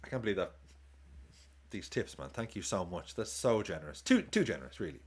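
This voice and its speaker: A man's voice: fairly low pitch, very animated, normal speed. A man streaming a live football watchalong, chatting casually, swearing, cheering goals and thanking viewers for tips.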